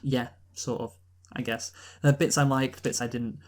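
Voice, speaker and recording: Man, podcast co-host, mid-range voice, hesitant and deadpan. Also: mid-range voice. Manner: halting, many fillers and restarts, dry sarcastic humor. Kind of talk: casual movie review chat.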